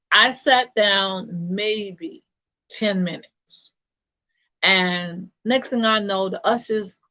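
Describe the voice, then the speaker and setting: A woman recounts a personal story in a slow, unhurried way, stopping often with "um" and restarting her sentences. Her voice sits in a middle register and comes through a slightly muffled, lo-fi recording. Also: mid-range voice, a bit bright. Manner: halting, with many fillers and restarts. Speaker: church deacon.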